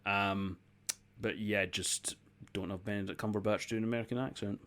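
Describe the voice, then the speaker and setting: A man's voice: on the low side, fairly even intonation, moderate pace, a bit bright. A man with a Scottish accent, reviewing a film in casual chat, hesitant with many restarts and a wry humour. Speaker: film critic, co-producer.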